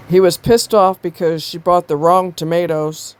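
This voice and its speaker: A woman's voice: fairly low pitch, fairly even intonation, moderate pace, hardly any pauses, darkish tone, clean tone. Exasperated woman ranting, blunt and profane. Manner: blunt, exasperated, swears freely. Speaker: commentator reacting to a video. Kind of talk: ranting commentary.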